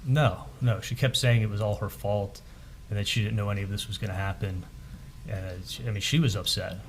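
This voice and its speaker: Male trial witness, lower voice, testifies haltingly and repeats words while recounting dialogue. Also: steady tone, a little hiss or hum, poor audio. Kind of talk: courtroom testimony. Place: courtroom.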